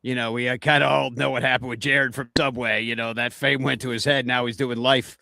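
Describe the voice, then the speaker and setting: Guy hosting a casual show, jokey wry asides, mid pitch, dry sound. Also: flat delivery, fairly quick, vocal fry, bright, forceful tone, no echo. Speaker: host. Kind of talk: casual chat.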